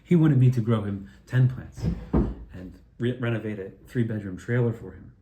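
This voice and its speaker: A man's voice: on the low side, moderate pace, slight background noise. Rambling, profane man in an echoey room. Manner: profane, meandering, excitable, with frequent restarts. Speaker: video creator telling his own story. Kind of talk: rambling personal storytelling.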